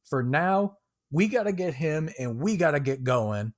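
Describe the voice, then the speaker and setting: A man voicing a weary, blunt woman rescuer in a tabletop game, brisk and swearing. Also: on the high side, lively intonation, voice pushed up. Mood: exasperated.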